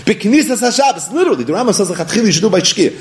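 A man's voice: high-pitched, big pitch swings, very fast, slight background noise. A man giving a Talmud study lecture, animatedly posing questions and then answering them himself. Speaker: Talmud teacher.

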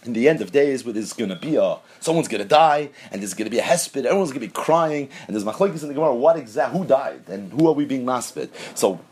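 A man giving an animated Talmudic lecture as a Torah teacher, posing questions and answering them himself. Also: medium pitch, slightly rough. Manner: animated, rapid, asks and answers his own questions.

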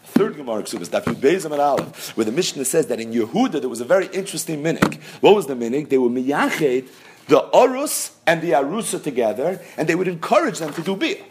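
A man giving a Talmud lesson, explaining the text with emphatic questions and answers. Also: fairly high pitch. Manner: lively, emphatic teaching with rhetorical questions. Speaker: Talmud teacher. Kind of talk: daf yomi Talmud lecture.

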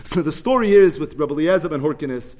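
Animated man teaching a Torah class. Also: a little high, fast talker. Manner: animated storyteller, swings between loud emphatic bursts and quiet asides; mixes Hebrew and Yiddish terms into English. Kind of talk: Torah class retelling a midrash.

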